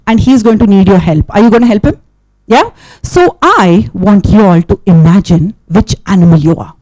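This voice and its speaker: A woman telling an interactive story to a live audience, keeping it animated with questions and sound effects. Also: mid-range voice, unhurried, no room sound. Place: festival session with a live audience.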